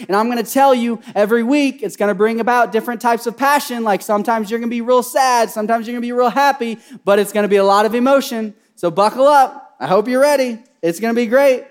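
Very high-voiced excitable male pastor. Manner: bubbly and excitable, peppers talk with "like" and "right?". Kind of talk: energetic sermon to a church congregation.

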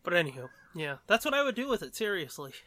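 Podcast co-host, man, higher-pitched and bright, jokey rambling delivery, dry close mic. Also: big pitch swings, fast talker, no room sound. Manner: rambling, jokey, swears freely, laughs often. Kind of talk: casual chat.

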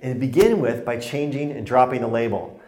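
A roomy hall carries the medium-pitched, darkish voice of a man speaking at a moderate pace. His workshop talk on stress is an anecdote-driven lecture, delivered conversationally with jokes and acted-out quoted exchanges.

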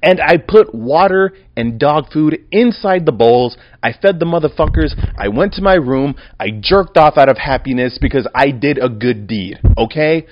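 A young man hosting his own podcast, rambling and swearing in a casual rant that swings from mumbles to loud outbursts. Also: fairly high pitch, animated, moderate pace, hardly any pauses, lo-fi sound, slight background noise. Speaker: podcast host.

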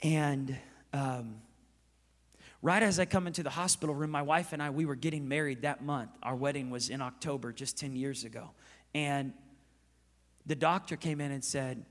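A man in his thirties preaching as a guest pastor, telling a story with passion and swinging between loud and hushed. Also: mid-range voice, normal speed. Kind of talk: sermon. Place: large church auditorium. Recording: long reverb of a large hall.

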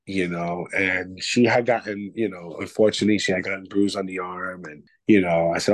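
A man's voice: low voice, steady tone, a little fast, hardly any pauses, no echo. A man from Puerto Rico, an actor and comedian, chatting loosely in an interview, full of restarts and "you know.". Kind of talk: casual interview chat.

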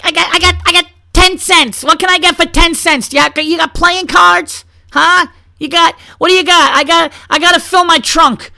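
A shrill, whiny bargain hunter stammers and pesters at a yard sale, hoping to pay pennies. The voice is pinched and sharp with a gravelly edge. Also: male voice, steady tone, normal speed, few pauses, full character voice. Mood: pestering.

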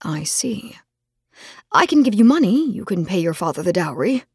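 A woman voicing a breathy, wry young nobleman. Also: medium pitch, sing-song, quick pace, darkish tone, no room sound, studio quality. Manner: easygoing, wry, teasing.

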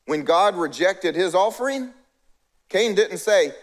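A man preaching a sermon in a high, light voice. He speaks to the congregation in a conversational way. He acts out short lines for the characters in the stories he tells. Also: expressive, moderate pace. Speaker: pastor.

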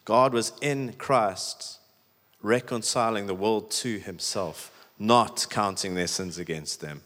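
Pastor preaching in echoey hall. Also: male voice, fairly low pitch, slow pace, fairly bright tone. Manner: conversational, emphatic preaching with many "like"s. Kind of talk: sermon. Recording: echoey hall with long reverb.

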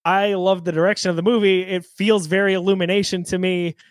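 A man's voice: sits high, flat delivery, brisk, no room sound. An enthusiastic man co-hosting a casual gaming podcast, talking upbeat about a new movie. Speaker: podcast co-host.

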